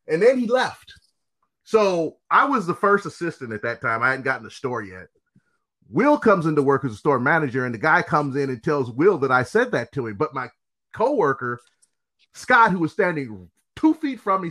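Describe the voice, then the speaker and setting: Man, casual host, high voice that jumps all over, blunt and profane. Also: sing-song, normal speed, a bit bright. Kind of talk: casual chat.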